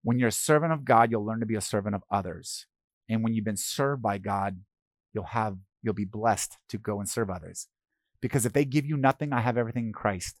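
A man preaching a sermon in a conversational way, telling a personal story with fillers and repeated words, dropping soft for quoted speech and rising for emphasis. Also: fairly low pitch, a little fast, dry recording, clean studio sound. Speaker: pastor.

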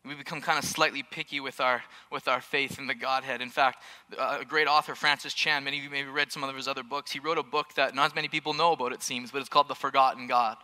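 A man's voice: mid-range voice, level tone, fast talker, sharp tone. A man in his thirties preaching to a church congregation, with jokey storytelling and questions to the room. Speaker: pastor. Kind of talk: sermon. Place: church auditorium.

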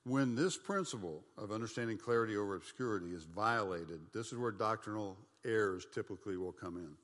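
Folksy low-voiced man teaching Bible study. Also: long reverb tail. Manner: folksy, animated, quick asides and mock voices.

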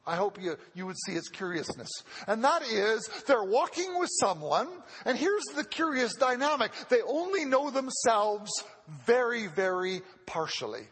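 A man's voice: high voice, big pitch swings, normal speed, a bit bright, slightly rough. A man preaching a sermon in an earnest way, repeating phrases for emphasis and often restarting, heard with the long reverb of a large hall.

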